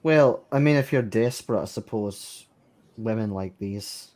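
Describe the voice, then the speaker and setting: A man's voice: on the low side, unhurried, a little mellow. A man playing a tabletop game, making crude, dry jokes in casual chat. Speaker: player.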